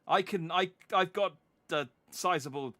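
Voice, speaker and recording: A man streaming a game, chatting casually, joking and reading the dialogue aloud in an animated, mock-indignant way. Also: high-pitched, unhurried, no echo.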